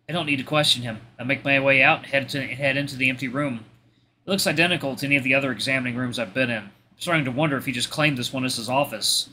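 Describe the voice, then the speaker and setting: Guy reading a visual novel out loud, bright tone, slight background hiss. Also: mid-range voice, very fast. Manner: expressive first-person narration, occasional stumbles. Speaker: let's play host.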